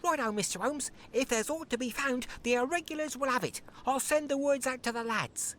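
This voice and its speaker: Eager, high-voiced urchin with quick slang over a faint traffic hum. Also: female voice, a bit bright. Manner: quick cockney-style street slang. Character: cheeky young London street boy.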